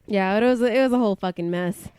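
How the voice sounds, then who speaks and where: A woman's voice: medium pitch, quick pace, darkish tone, clean tone, no room sound. A woman co-hosting a podcast, chatting casually and swearing as she tells stories. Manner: chatty, profane, apologetic storyteller. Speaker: podcast co-host. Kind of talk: casual chat.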